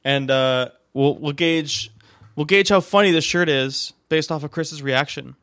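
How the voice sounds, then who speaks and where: A man's voice: fairly high pitch, measured pace, fairly bright tone, no echo, studio quality. A man hosting a casual podcast over a video call, rambling and joking with plenty of fillers and restarts. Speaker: podcast host. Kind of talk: casual chat. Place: home room, on a video call. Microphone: desk microphone.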